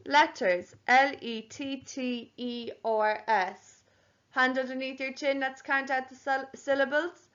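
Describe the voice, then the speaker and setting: A woman teaching a recorded home phonics lesson to young children, slowly spelling out letters and syllables. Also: high-pitched, a bit bright, muffled recording. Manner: slow, clearly sounding out letters and syllables. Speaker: primary school teacher.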